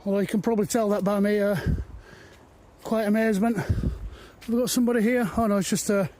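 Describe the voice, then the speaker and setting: A man's voice: high voice, flat delivery, fairly quick, darkish tone. A man chatting to camera as he walks hilly woodland paths, rambling and easily amazed, at times a bit out of breath. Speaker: walking vlogger. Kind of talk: casual walk-and-talk narration.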